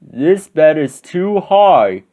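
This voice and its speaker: A man voicing a jolly old Santa Claus in a storybook reading, drawing his words out slowly. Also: a little high, big pitch swings, phone-quality sound, full character voice. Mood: fussy. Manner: slow, drawn-out exclaiming.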